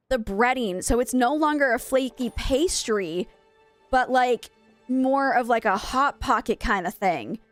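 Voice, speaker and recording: A woman's voice: fairly high pitch, lively intonation, measured pace, no room sound, soft background music. A young woman from Maine chatting casually with viewers while she streams a game, wistful and rambling, often correcting herself mid-sentence. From USA (Maine).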